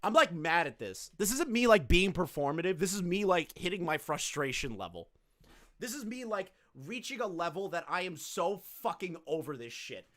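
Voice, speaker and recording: A man's voice: very animated, moderate pace, a bit bright, no echo. A man ranting sarcastically and with profanity on a live commentary stream. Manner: exasperated, profane and sarcastic, with jumps in pitch. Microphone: streaming setup with a camera.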